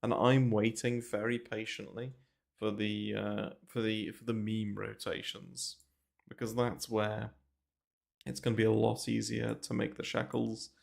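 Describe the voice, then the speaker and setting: A man's voice: fairly low pitch, level tone, unhurried, gravelly. A man giving casual, rambling market commentary on a livestream, full of fillers and casual swearing, speaking into a close desk mic in a small bare room. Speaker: crypto trading streamer. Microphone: desk mic moved close to mouth.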